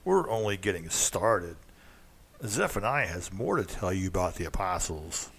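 A man's voice: low voice, very animated, moderate pace, creaky, a bit bright, breathy edge, heavily acted. An actor playing an eager older fisherman in an amateur radio drama.

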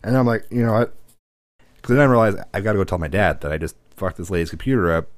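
A man's voice: low voice, expressive, racing, no room sound. A man in his thirties chatting casually on a podcast, telling a rambling, profane story.

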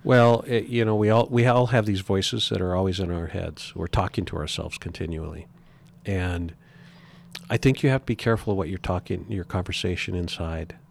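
Middle-aged guy, kinda low voice, earnest, lots of stumbles and restarts. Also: fairly even intonation, vocal fry. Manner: earnest, halting with repeated restarts. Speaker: guest. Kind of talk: reflective interview talk.

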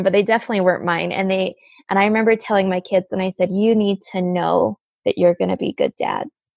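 A woman in her thirties, the guest, earnestly telling an emotional personal story with halting restarts. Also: mid-range voice, vocal fry, a little mellow, dry recording. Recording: slightly dull lo-fi sound.

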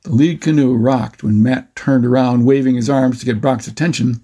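A man narrating a children's adventure story with a steady, expressive reading. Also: mid-range voice, normal speed, husky.

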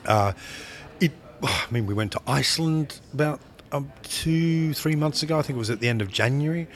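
A man, a film director, talking in an interview in a rambling, halting way, often repeating words as he searches for them. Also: medium pitch. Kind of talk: interview conversation.

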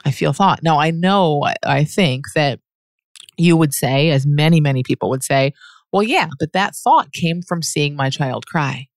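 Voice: medium pitch, animated, measured pace, dry recording, studio quality. A speaker answering a listener's question in a reflective teaching monologue, patient and earnest, reasoning aloud and often restarting sentences. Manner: laughs softly mid-sentence.

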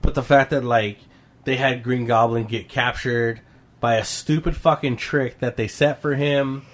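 A man's voice: medium pitch, steady tone, unhurried. A man co-hosting a casual podcast chat, retelling a comic plot in a heated, profane way. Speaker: podcast co-host.

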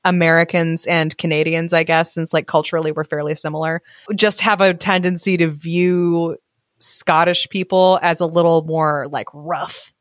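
A woman's voice: deep voice, flat delivery, moderate pace, no room sound, clean studio sound. A woman co-hosting a casual podcast, reacting with laughs and musing aloud. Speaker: podcast co-host. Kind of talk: casual chat.

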